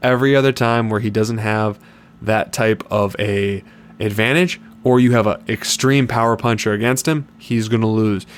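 Low-voiced man talking fight picks. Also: slight background noise. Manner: confident, upbeat betting talk. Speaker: podcast co-host. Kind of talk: casual podcast chat.

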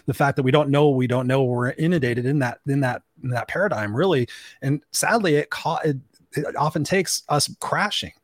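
A man hosting a podcast, asking questions in an earnest, energetic way. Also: medium pitch, brisk, no echo, clean studio sound. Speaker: podcast host. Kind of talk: casual podcast talk.

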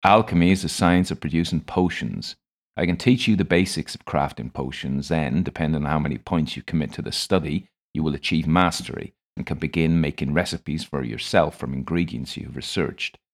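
A man voicing a gruff, grey-bearded old male apothecary with a West Country accent in an audiobook, speaking in a measured, stern, matter-of-fact way. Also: rumbling low. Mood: explaining. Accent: West Country English. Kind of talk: audiobook character voice.

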